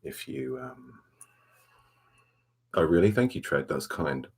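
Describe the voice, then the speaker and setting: A man hosting a soft-spoken ASMR live stream, rambling laid-back as he reads and answers the chat, self-mocking. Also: very deep voice, lively intonation, slow pace, husky. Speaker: ASMR livestream host.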